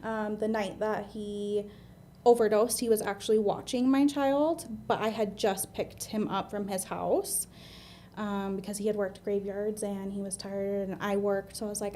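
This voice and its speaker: A woman's voice: mid-range voice, steady tone, normal speed, dark tone, a little hiss or hum. An American woman in her thirties, a guest on an interview show, talking candidly and earnestly with fillers and restarts. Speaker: guest, admissions medical assistant.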